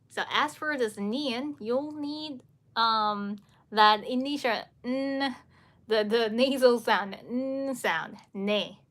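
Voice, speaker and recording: A woman's voice: a little high, fairly bright tone. A woman teaching pronunciation on a live stream, patiently repeating syllables to demonstrate sounds and answering viewers' comments. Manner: frequent fillers and restarts, laughs lightly.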